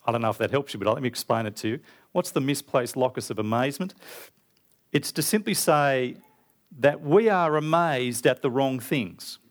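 An Australian man preaching a sermon, emphatic, with big animated jumps when he quotes. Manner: emphatic, rising to loud animated stresses and quoting Jesus with big pitch jumps.

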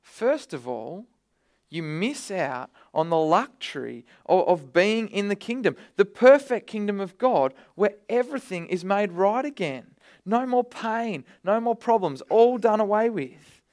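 A man's voice: high voice, expressive, unhurried, darkish tone. A man preaching a sermon, conversational with bursts of energy, often repeating words.

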